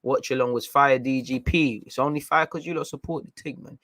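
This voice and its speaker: Slangy London football fan host. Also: male voice, mid-range voice, brisk, no echo. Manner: chatty, slangy, excitable, calls listeners "man". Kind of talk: casual fan reaction commentary.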